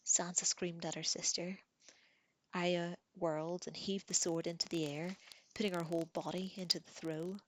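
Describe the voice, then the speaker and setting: Seorang perempuan membacakan novel dengan suara lembut dan pelan. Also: female voice, fairly low pitch, flat delivery, normal speed, a bit bright, no echo. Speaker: reader. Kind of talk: reading a novel aloud.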